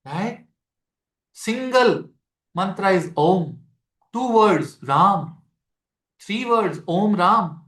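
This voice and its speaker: Indian-accented astrology teacher lecturing to students; mid pitch, echoey room sound. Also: lively intonation, drawn-out words, long pauses, fairly bright tone. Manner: explanatory, repeats key phrases, mixes Hindi into English; addresses students directly with questions. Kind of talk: live masterclass lecture.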